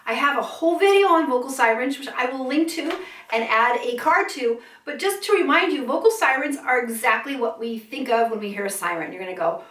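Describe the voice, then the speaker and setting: A woman's voice: high-pitched, expressive, a little fast, a bit bright, reverberant, distant mic. A woman vocal coach teaching a singing lesson, breaking into siren sounds and sung notes to demonstrate.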